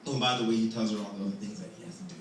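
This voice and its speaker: A man's voice: fairly low pitch, racing, slight background noise. A man telling a folktale live, playful, with chatty asides to the audience. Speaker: storyteller. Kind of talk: live storytelling. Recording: echoey hall from far off.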